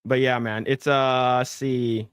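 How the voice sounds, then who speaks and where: Rambling podcast host, dry close mic. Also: male voice, medium pitch, flat delivery, measured pace, clear, resonant tone, dry recording. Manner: rambling, repeats words, thanks donors. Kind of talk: casual livestream chat.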